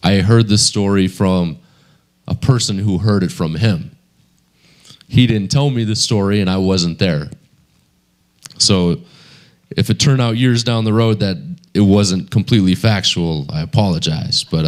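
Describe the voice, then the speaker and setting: A man preaching a sermon in a conversational storytelling manner. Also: lowish voice. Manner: conversational storytelling with many fillers.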